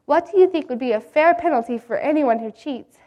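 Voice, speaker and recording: A woman voicing a gentle but firm male schoolteacher in a read-aloud story. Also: high voice, a little fast, dull audio, close to an everyday voice.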